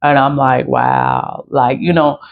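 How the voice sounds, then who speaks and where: A woman's voice: deep voice, unhurried. A woman in her forties telling a personal story in a blunt, profane, casual rant, laughing often. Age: 40s. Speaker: spiritual products seller. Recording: dull lo-fi recording.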